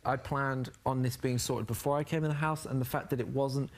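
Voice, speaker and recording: A man's voice: medium pitch, steady tone, a little fast. A man housemate confiding in a casual chat, earnest and self-explaining, often restarting his sentences. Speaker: reality show housemate.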